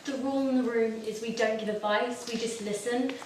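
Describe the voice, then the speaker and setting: An actress playing a calm, reserved woman who listens at a support group, speaking in a terse, even, guarded way in a stage drama. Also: on the high side, fairly quick, a little hiss or hum, natural voice. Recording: echoey room, mic far off.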